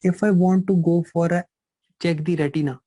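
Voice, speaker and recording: Dry-voiced lecturing man, flat and mellow. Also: a little high, normal speed, dry recording, rough recording. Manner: repetitive, asks rhetorical questions, teasing. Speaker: pharmacology lecturer. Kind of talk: live online lecture.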